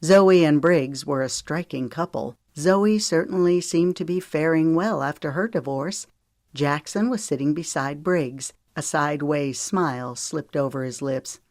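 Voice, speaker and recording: A woman narrating an audiobook in a calm, measured storytelling manner. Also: low voice, dry recording, clean studio sound. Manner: calm, measured storytelling with lifted voices for dialogue. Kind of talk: scripted narration.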